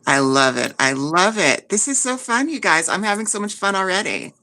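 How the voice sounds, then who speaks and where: A woman's voice: mid-range voice, expressive, normal speed, sharp tone. A woman hosting a casual livestream chat, gushing and effusive, often repeating herself. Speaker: livestream host.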